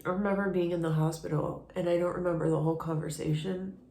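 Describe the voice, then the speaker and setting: A woman vlogging about her family, emotional and tearful, talking in halting bursts with many restarts. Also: fairly low pitch, steady tone, warm tone, roomy sound, slight background noise. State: raw nose from allergies. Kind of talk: personal confessional vlog.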